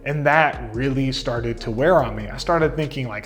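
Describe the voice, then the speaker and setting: A man in his thirties telling his career story in a relaxed, chatty way, full of fillers and asides. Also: mid-range voice, normal speed, soft background music. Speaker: content marketing coach. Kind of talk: casual storytelling to camera.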